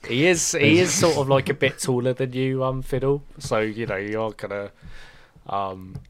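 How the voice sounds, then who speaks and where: A man's voice: medium pitch, moderate pace. A man narrating as game master of a tabletop game, in loose, easygoing speech full of fillers.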